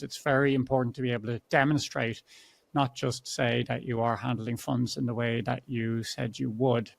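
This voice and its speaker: A man's voice: mid-range voice, gravelly, no echo. A man hosting a podcast interview, talking in a chatty, conversational way. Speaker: podcast host.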